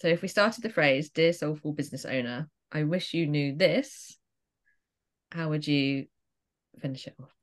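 A woman co-hosting a podcast, talking in an unhurried, reflective casual way. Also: deep voice. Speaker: podcast co-host.

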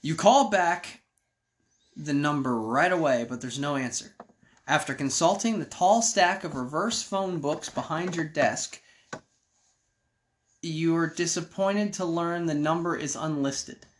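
Man with a fairly high voice reading a story game. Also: animated, unhurried. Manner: joking asides between read passages. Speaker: game reader.

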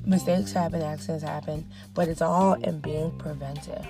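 A woman's voice: low voice, moderate pace. Chatty woman hosting over music. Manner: candid, chatty, animated retelling with quoted voices. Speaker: podcast host. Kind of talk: casual solo talk.

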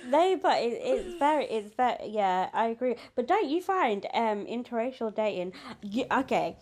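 A woman's voice: on the high side, very animated, moderate pace, darkish tone. Giggly young woman podcast co-host. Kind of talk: casual podcast chat.

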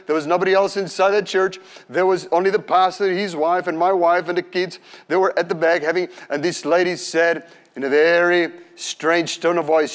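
A middle-aged male preacher with a fairly high voice delivers a fervent sermon. He leans on emphatic repetition as he tells his story.

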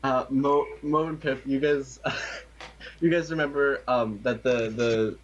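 Man, game master, tabletop game narration, halting with fillers, slightly dull sound. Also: mid-range voice, steady tone. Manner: hesitant, many fillers.

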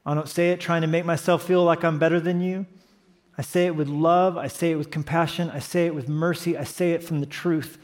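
A male pastor delivering a sermon in a slightly higher voice than most men. He preaches with passion, swinging from quiet, earnest moments to emphatic, rising exclamations. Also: flat delivery, brisk. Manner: impassioned, rising to emphatic peaks.

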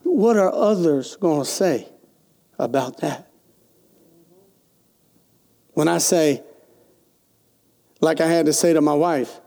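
A male pastor preaches in a high, gravelly voice. He talks folksy and direct, firing questions at the congregation. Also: measured pace, long pauses, warm tone. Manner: folksy preaching with call-and-response. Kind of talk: sermon.

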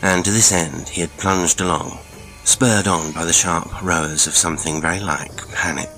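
Extremely deep-voiced male storyteller. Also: fairly even intonation, bright, forceful tone, soft background music. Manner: measured, dramatic storytelling. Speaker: narrator. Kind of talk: scripted audiobook narration.

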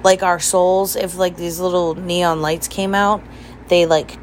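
A woman's voice: on the low side, level tone, a little slow, background noise. A young woman casually telling stories in a vlog, chatty and laughing often as she acts out her own dialogue. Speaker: vlogger.

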